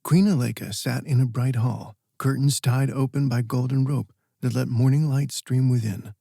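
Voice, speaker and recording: A male audiobook narrator reading fantasy prose in an even, measured way. His voice is dark and gravelly with a husky grain, recorded dry and close. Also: medium pitch, no echo.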